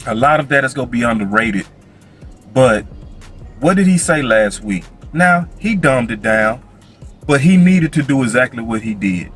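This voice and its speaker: Animated man doing playful sports commentary. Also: medium pitch, normal speed, faint music behind. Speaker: sports show host.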